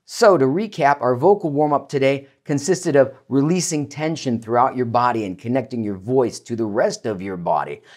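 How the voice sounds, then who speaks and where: An energetic male voice coach leads a warm-up lesson, his pitch swinging widely as he explains and demonstrates. He talks straight to his listener with an encouraging, hands-on manner. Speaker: voice coach and keynote speaker. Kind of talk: instructional talk to camera.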